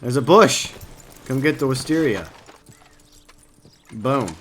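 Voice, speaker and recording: A man's voice: mid-range voice, lively intonation, takes it slowly, fairly bright tone, a little hiss or hum. A man live-streaming a game, rambling casually and answering his viewers by name. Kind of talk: casual gameplay stream commentary.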